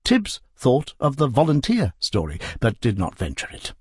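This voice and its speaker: A man narrating a classic novel in an expressive, measured storytelling manner. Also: medium pitch, breathy edge, no echo, clean studio sound.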